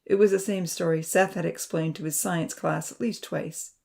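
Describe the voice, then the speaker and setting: A woman reading a chapter book aloud in an earnest, gentle storytelling manner. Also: lowish voice, fairly even intonation, moderate pace, gravelly. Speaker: reader.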